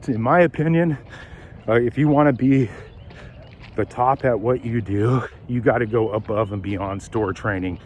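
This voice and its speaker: A man who manages car sales, coaching on a walk and acting out phone calls in lively bursts. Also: medium pitch, a little hiss or hum. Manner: animated, acts out phone calls in quick bursts. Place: outdoors while walking.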